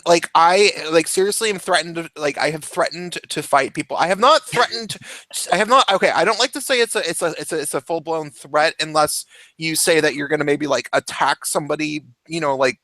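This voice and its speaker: A man with a fairly high voice in a casual, opinionated chat, heated and quick to swear. He stumbles and restarts his sentences often. His voice sounds close and dry, with almost no room sound. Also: sharp tone, no room sound. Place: home, cat nearby.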